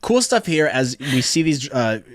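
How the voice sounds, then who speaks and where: A man's voice: mid-range voice, very animated, a little slow, no echo, clean studio sound. A man co-hosting a podcast, recapping an episode in casual, rambling, jokey chat. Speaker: podcast co-host.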